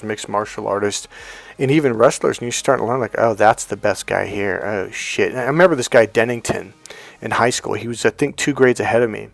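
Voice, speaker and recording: A middle-aged man telling personal stories as a motivational speaker, swinging from fired-up to low and hushed and swearing freely. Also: vocal fry, no room sound. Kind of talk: storytelling monologue.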